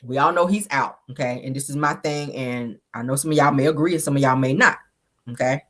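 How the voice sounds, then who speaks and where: A woman's voice: a bass voice, fairly quick. A woman hosting a casual reality TV recap, talking chatty and emphatic, with frequent asides to her viewers.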